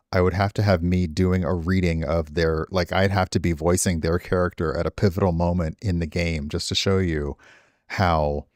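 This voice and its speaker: A man's voice: low voice, no room sound, studio quality. A middle-aged man streaming, chatting with viewers in a rambling, self-deprecating way. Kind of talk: casual stream chat.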